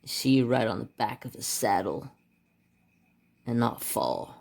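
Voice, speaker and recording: A man's voice: mid-range voice, unhurried, vocal fry, husky. Guy coloring and rambling about growing up, mumbles over his colors then gets all worked up telling the story. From United States. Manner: rambling, animated when telling the story, muttering while picking colors. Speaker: craft channel host. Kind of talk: casual storytelling while coloring.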